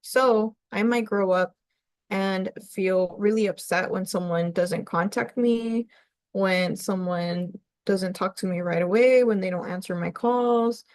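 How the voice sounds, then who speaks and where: A woman's voice: medium pitch, a little slow, darkish tone, no room sound. A woman family counselor giving a conversational presentation to parents, often checking in with "right?".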